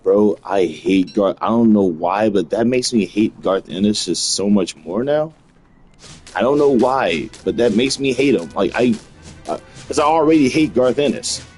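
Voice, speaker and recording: A man's voice: fairly low pitch, animated, normal speed, darkish tone, faint music behind. A man chatting casually while playing a video game, ranting in a repetitive, slangy way. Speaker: gaming video host.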